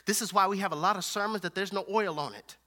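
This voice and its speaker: A male preacher drives his points home with emphatic, repeated phrases. His voice sits very high for a man. It rings bright and sharp throughout. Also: quick pace. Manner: emphatic, repetitive preaching with a call-and-response feel. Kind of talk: sermon.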